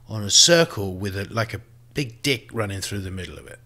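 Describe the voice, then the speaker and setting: A man's voice: fairly low pitch, animated, normal speed, sharp tone. A man giving casual gameplay commentary, thinking aloud and swearing freely as he plays. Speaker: let's play host.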